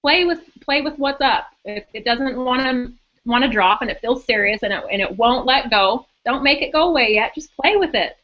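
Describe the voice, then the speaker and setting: A woman's voice: sits high, moderate pace, highs cut off. A middle-aged woman co-hosting a casual group chat, earnest and encouraging. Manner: earnest, encouraging, a few restarts. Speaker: co-host.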